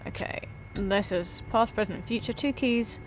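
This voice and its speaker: A woman's voice: mid-range voice, moderate pace, a little hiss or hum. Chatty young woman streaming a game. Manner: chatty, swears casually, thinks out loud. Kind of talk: casual let's-play commentary. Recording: voice over game music.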